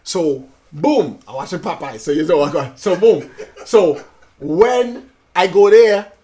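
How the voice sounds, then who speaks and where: Man in his 40s, guest telling stories in street slang, voice sits a bit high. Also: unhurried. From Brooklyn, New York. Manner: animated storyteller, acts out voices of family and police; swears freely, street slang. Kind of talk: casual storytelling interview.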